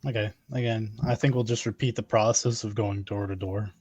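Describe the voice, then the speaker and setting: A man's voice: fairly low pitch, fairly even intonation, brisk, a little mellow, breathy edge, dry recording. A man playing a tabletop game, laid-back and joking. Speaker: player. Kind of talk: casual tabletop play.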